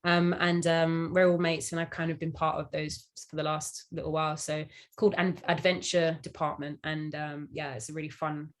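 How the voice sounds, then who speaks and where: A young actress from London speaks with a London accent in a relaxed podcast interview over a call. Her voice sits low for a woman, and her talk is upbeat and easygoing, with plenty of "um"s. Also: normal speed, hardly any pauses. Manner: upbeat, laughs easily, lots of "um"s. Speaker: actress guest. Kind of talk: casual interview chat.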